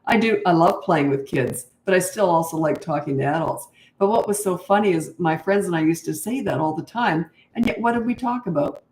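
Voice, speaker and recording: Older female parenting coach, chatty and blunt, mid-pitched, recorded in a roomy space. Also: fairly quick, hardly any pauses, darkish tone. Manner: chatty, frank and laughing easily. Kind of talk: answering interview questions. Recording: roomy echo.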